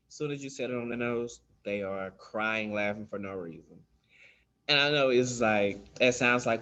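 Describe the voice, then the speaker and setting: A man's voice: medium pitch, normal speed, sharp tone, highs cut off. A man giving a casual spoken lesson on dental terms, loose and chatty with many fillers, acting out how children and staff talk. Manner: loose and conversational, many ums, acts out kid talk. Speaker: dental instructor.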